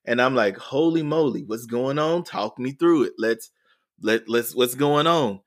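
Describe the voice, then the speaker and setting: Male educator guest, earnest storyteller, mid-pitched, repeats himself as he builds. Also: a little slow. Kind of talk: storytelling in a podcast interview.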